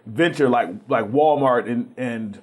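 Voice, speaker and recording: A man's voice: mid-range voice, unhurried. Man telling a story with quoted voices. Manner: relaxed storyteller acting out quoted voices, with frequent restarts. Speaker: guest. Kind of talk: storytelling in a TV interview.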